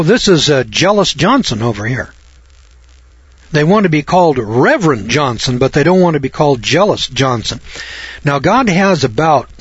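A man's voice: a little high, husky, dry recording. A man giving a rambling, folksy Bible talk, with chuckling asides and jokes at his own expense. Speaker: Bible teacher. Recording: dull dry lo-fi recording.

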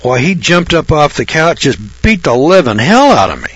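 A man's voice: a little high, big pitch swings, moderate pace, fairly bright tone, husky, dry recording. A man preaching a folksy Bible sermon, blunt and colloquial. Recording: dull lo-fi recording.

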